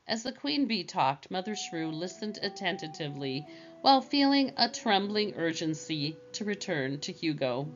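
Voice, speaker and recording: A woman narrating a children's storybook in a slow, gentle reading manner. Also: on the low side, sing-song, lo-fi sound, soft background music.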